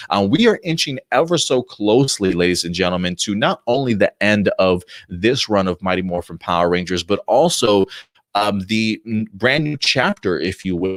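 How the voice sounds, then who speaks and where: A man with a lowish voice hosts a casual video review in a dry, close-miked sound. He rambles enthusiastically, doubling back and stacking up fillers as he goes. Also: no room sound. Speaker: host reviewing episodes and comics.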